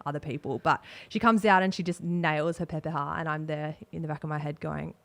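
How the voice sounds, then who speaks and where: A young Australian woman recounts stories at a quick clip in a relaxed podcast chat. Her voice sits a little low. The sound is close and dry. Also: vocal fry, dry recording. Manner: animated storytelling, acts out quoted talk. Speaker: podcast co-host and rugby league player. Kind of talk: casual chat.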